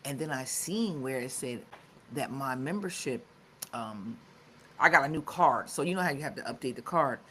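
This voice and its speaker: A woman's voice: rumbling low, animated, moderate pace, pushed and bright, slight background noise. A woman co-hosting a live talk show, chatting casually with lots of fillers and restarts. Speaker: co-host.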